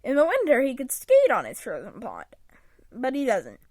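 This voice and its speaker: A woman reading a children's picture book aloud in an expressive read-aloud manner, close to a home microphone. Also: high-pitched, normal speed, dry recording. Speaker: storybook reader.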